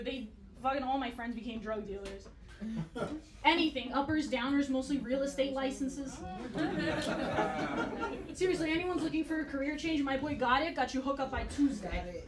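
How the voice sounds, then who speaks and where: A woman doing a stand-up comedy set with a dry, blunt, profane deadpan delivery. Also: high-pitched. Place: comedy club stage. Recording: roomy club sound from far off. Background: audience laughter.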